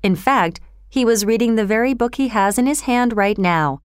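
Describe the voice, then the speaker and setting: A woman's voice: fairly high pitch, expressive, normal speed, smooth, no room sound, clean studio sound, lightly acted. A woman voicing an earnest, honest male bookseller who speaks emphatically and insistently in a storybook reading.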